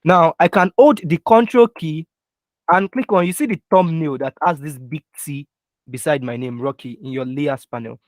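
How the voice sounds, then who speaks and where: A man's voice: a little high, moderate pace, no room sound. Young guy w running an online design class, keeps asking "can you see that", dry close mic, keys clicking now and then. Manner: checks in with students often, steps through keyboard shortcuts. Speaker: design instructor. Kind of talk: live online software tutorial. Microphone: computer mic with keyboard taps heard.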